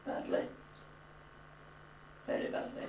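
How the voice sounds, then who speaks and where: A grandmother speaks slowly in a darkish voice, reminiscing casually in an interview as a chatty storyteller with firm views. Her camcorder mic is far away in an echoey room and adds a little hiss or hum.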